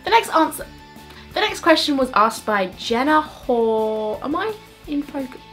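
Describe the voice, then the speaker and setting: A fairly high-voiced woman chats straight to camera in a casual Q&A vlog. She is chatty and self-mocking and slips in quick joking asides. Faint music plays behind her. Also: animated, a bit bright. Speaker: YouTuber answering viewer questions.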